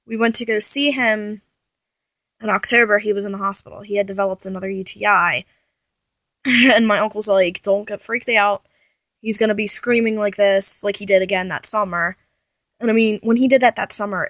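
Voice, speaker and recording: A woman's voice: medium pitch, fairly bright tone, no room sound. A young woman vlogging casually about her life, rambling and often correcting herself as she talks. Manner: rambling, restarts and self-corrections, chatty. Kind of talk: casual personal vlog.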